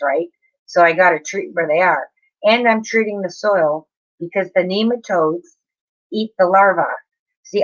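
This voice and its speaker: A woman's voice: on the low side, fairly bright tone, highs cut off. A woman chatting casually with viewers on a live stream, apologetic and talking straight to her chat.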